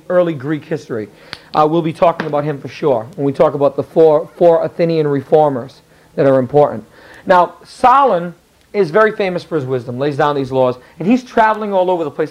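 A man's voice: a little high, a little mellow, low-quality recording. A male history teacher telling a story to his class in a chatty, rambling way. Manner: chatty, rambling, many fillers and restarts.

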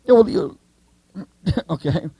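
A man teaching a Bible study to a group, asking the listeners questions and repeating key points slowly. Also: sits high, animated, vocal fry, dark tone, breathy edge, no room sound, rough recording.

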